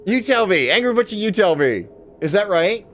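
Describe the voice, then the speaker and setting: A man chatting casually on a live stream, excitable and swearing, shouting out viewers in chat. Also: high-pitched, moderate pace. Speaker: livestreamer.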